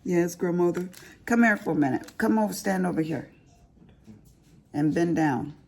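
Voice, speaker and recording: Grandma chatting while she crafts, deep gravelly voice, goes off on tangents. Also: normal speed, darkish tone, slight background noise. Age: older. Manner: chatty, rambling, with laughing asides. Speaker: crafting vlogger. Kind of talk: casual chat while crafting.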